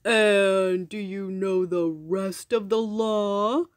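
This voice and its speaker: A woman putting on a slow, gloating giant. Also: fairly even intonation, dry recording, clean studio sound. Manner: slow, booming, mocking. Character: boastful male giant, big and gloating. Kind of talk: storybook reading.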